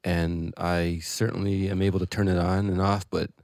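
Podcast co-host, young adult man, deep voice, reflective and jokey, dry studio sound. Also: level tone, moderate pace, a little mellow, no room sound. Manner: self-deprecating, musing, laughs often. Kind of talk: casual chat. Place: small recording room. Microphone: headphones and studio mic.

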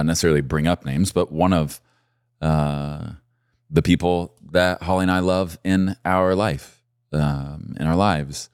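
A man preaching a sermon, animated and repeating key phrases for emphasis. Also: extremely low pitch, no echo, studio quality. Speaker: pastor.

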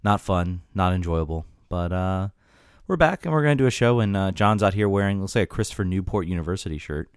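A man hosting a casual sports podcast, animated and quick to laugh, often repeating himself as he talks. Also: low voice, smooth, dry recording, clean studio sound. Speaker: podcast host.

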